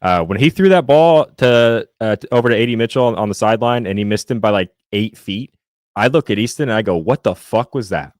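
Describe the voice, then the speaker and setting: A young man from Indiana co-hosts a podcast, chatting casually about football and fast food while reading the live chat, rambling with lots of fillers and restarts. His mid-range voice is recorded in studio quality with no room sound.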